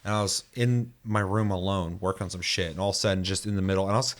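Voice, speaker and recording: A young man with a lowish voice hosts a casual gaming podcast. He reads listener comments aloud and jumps into animated, profane stories. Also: quick pace. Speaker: podcast host. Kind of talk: casual chat.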